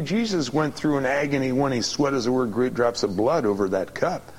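A man preaching a sermon, swinging from excited high bursts to quiet low reading, calling on the congregation to repeat after him. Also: husky, rough recording. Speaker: pastor.

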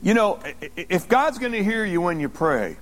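A male pastor preaching a sermon, asking the congregation questions and breaking into shouts. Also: high-pitched, sing-song, normal speed. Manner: preaching with call-and-response questions and sudden shouts.

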